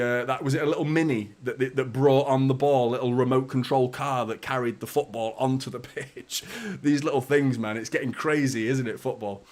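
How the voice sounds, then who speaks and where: Bloke streaming a footy watchalong, chatty, greets the chat, swears a lot, medium voice. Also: male voice, medium pitch. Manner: chatty, greets viewers by name, swears casually. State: a little out of breath. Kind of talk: casual live stream chat.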